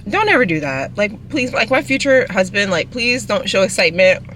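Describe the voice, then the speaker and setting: A woman's voice: medium pitch, animated, normal speed, fairly bright tone, a little hiss or hum. A young woman, chatting casually in a car while eating, rambling and talking with her mouth full. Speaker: vlogger. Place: inside a parked car.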